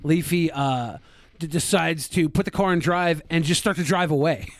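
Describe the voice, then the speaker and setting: A man's voice: fairly high pitch, normal speed, crowd noise. A man co-hosting a podcast, chiming into a shared story in a casual, swearing manner. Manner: chimes in, casual, swears freely. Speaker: podcast co-host.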